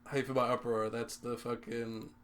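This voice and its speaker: A man's voice: mid-range voice, flat delivery, fast, a bit bright. A young man co-hosting a podcast, joking and swearing casually, often laughing while he talks. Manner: laughing, profane, jokey banter. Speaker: podcast co-host. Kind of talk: casual chat. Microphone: headphones and studio mic.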